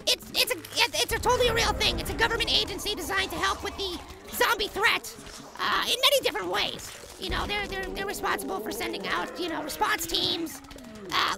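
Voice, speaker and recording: A man voicing a tiny, excitable cartoon apple boy in frantic let's play commentary, yelling at the game. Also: creaky, exaggerated voice. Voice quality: squeaky, sped-up high voice. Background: game music.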